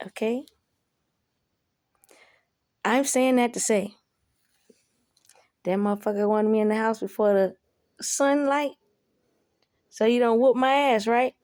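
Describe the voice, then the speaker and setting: A woman's voice: a little high, slow, long pauses, darkish tone. A woman telling a story to the camera in a casual, rambling way, swearing a lot and asking "you know?". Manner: profane, rambling, asks listener "you know?".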